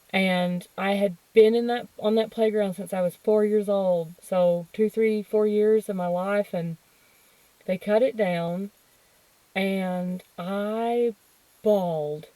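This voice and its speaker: A candid woman in her thirties tells personal stories in a low voice, laughing and cursing openly as she goes. The close mic leaves the sound dry, with no room echo. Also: dark tone. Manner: candid and emotional, laughs and swears freely. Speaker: podcast host. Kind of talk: personal storytelling monologue.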